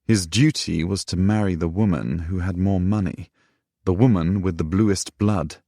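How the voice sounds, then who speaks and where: A man narrating a romance audiobook in a measured, unhurried way. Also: low voice, mellow, no room sound, clean studio sound. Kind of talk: scripted narration.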